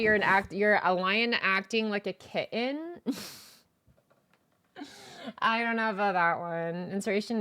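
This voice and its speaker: A bright, clear-toned woman chatting on a live stream, giggly and self-conscious. She rambles with lots of fillers and restarts, her voice sounding a little strained. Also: on the low side. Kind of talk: casual live-stream chat.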